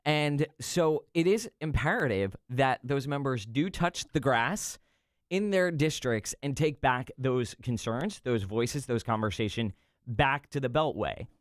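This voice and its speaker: A man speaking as a political guest on a talk radio show, wry and measured, with some fillers. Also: mid-range voice, lively intonation, no echo, clean studio sound. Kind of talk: casual radio interview.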